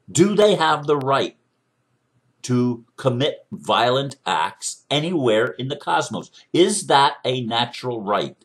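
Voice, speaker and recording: Animated, preachy man in commentary. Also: medium pitch. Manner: emphatic, preachy, full of rhetorical questions. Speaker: commentator responding to another speaker. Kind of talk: impassioned commentary monologue.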